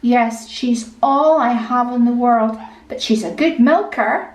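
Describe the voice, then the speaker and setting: A man's voice: extremely high pitch, takes it slowly. A woman voicing an earnest, plain-spoken poor young man with a cow in a children's story. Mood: cheerful. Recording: roomy echo.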